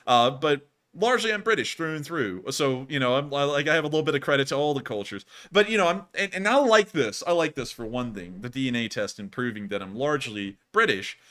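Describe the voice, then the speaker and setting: An American man hosting a livestream, chatting casually and rambling, with frequent restarts and bursts of excitement. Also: medium pitch. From United States. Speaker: livestream host.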